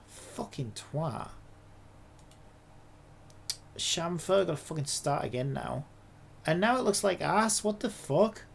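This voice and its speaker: Gravelly woman ranting at her software. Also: low-pitched, expressive, slow pace, pauses often, slight background noise. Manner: frustrated, swearing, talking to herself. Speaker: game developer. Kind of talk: casual screen-recorded dev log.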